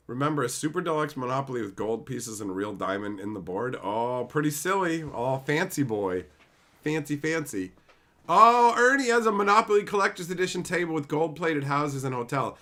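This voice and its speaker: A male live-stream host with a bright, slightly high, forceful voice. He rants bluntly and sarcastically with plenty of swearing. He breaks off now and then to greet viewers in the chat. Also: very animated, brisk. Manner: blunt, sarcastic, profane ranting. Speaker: livestream host. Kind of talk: profane live-stream commentary.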